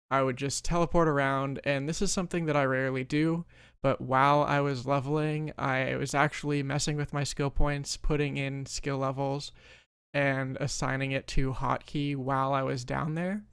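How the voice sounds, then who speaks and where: A man's voice: medium pitch, creaky, clear, resonant tone, no room sound, clean studio sound. A young man hosting a gaming channel, giving casual, rambling gameplay commentary with a joking, mock-panicked streak.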